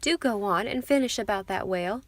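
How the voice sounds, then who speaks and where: A woman's voice: mid-range voice, a little fast, no room sound, lightly acted. A woman voicing a gushing, snobbish society mother who talks in an affected, effusive way.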